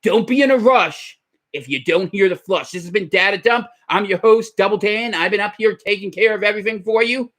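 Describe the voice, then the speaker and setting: A man putting on a deep, gravelly voice to play a loud parody talk-show host who preaches and rants. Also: brisk. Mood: bombastic.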